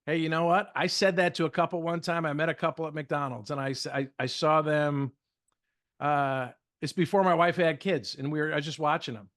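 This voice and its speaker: A middle-aged man telling lively stories in casual podcast chat, acting out the dialogue as a communication trainer. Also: a little high, brisk. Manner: lively, acts out dialogue in stories, many fillers. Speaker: guest speaker and communication trainer.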